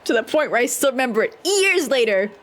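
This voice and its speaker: A woman's voice: fairly high pitch, big pitch swings, fast. A woman livestreaming a role-playing game, chatting with viewers in a rambling, profane, self-mocking way. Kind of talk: casual gameplay chat with viewers.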